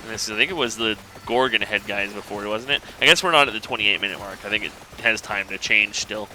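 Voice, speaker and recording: A man casually commenting on his own gameplay, thinking aloud in a relaxed, rambling way. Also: lowish voice, fast, a little hiss or hum, low-quality recording. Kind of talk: casual let's-play commentary.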